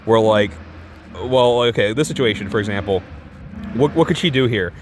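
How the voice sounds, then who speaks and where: A man's voice: fairly low pitch, normal speed, background noise. A man reviewing a movie in casual, rambling chat, sarcastic and profane, often restarting his sentences.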